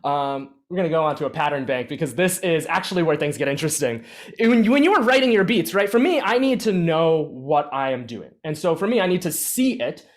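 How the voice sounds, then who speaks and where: A man leading a beatboxing workshop in a casual, energetic teaching style, full of fillers and restarts, speaking into his own microphone. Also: on the high side, brisk. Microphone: own microphone with adjustable gain.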